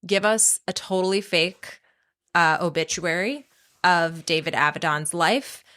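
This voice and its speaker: A woman's voice: lowish voice, a little slow, sharp tone. Chatty woman hosting a podcast. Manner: chatty, giggly, trailing off. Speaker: podcast host. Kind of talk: casual podcast chat.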